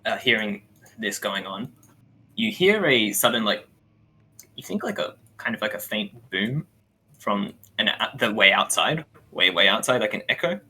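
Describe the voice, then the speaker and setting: A man's voice: on the low side, big pitch swings, moderate pace, pushed and bright, slightly rough, poor audio. A man narrating a tabletop game as game master, describing scenes in a loose, descriptive way. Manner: descriptive, loose, full of fillers.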